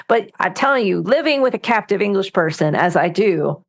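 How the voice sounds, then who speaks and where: A woman author, a podcast interview guest, telling lively anecdotes and often restarting her sentences. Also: medium pitch, fairly quick.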